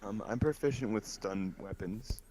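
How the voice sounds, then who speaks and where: A man's voice: lowish voice, normal speed, crowd noise. A man playing a tabletop game, easygoing and playful. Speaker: player.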